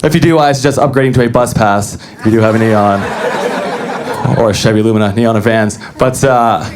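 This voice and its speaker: Deadpan young comic on stage. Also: male voice, lowish voice, fairly quick, noisy background. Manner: deadpan self-deprecating delivery. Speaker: stand-up comedian. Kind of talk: stand-up comedy set. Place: comedy club stage with live audience.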